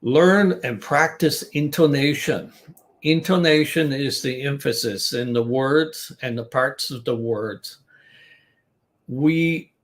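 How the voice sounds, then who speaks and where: An older man coaching business English in a chatty talk, restarting sentences and repeating words to show their stress. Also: mid-range voice. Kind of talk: informal online teaching talk.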